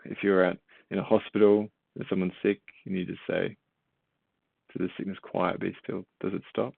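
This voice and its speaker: Reading scripture aloud before explaining it, a church teacher with a lowish, gravelly voice keeps things conversational. He throws rhetorical questions at his listeners and repeats words as he works through his thoughts. His recording sounds thin and phone-like, dry, without any room sound.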